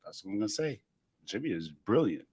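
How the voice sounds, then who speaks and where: A man's voice: on the low side, a little fast, breathy edge. Guy cohosting a chat show, tells stories doing all the voices, laughs a lot. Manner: animated storytelling, acts out dialogue, laughs often. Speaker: co-host. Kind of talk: casual talk-show banter.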